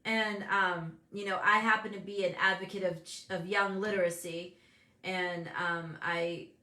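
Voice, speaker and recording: Animated woman coach, bright echoey voice. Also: fairly low pitch, a little slow. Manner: candid, animated, acts out quoted voices. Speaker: host and business coach. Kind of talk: casual motivational talk.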